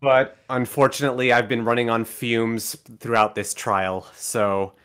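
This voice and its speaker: A man's voice: medium pitch, level tone, measured pace, a bit bright, smooth. Easygoing man in casual chat. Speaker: let's play host.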